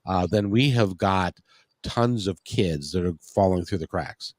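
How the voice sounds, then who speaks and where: A man's voice: sits low, measured pace, a little mellow, dry recording. Rambling, joking male interview host. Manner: rambling, jokey. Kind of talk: casual interview chat.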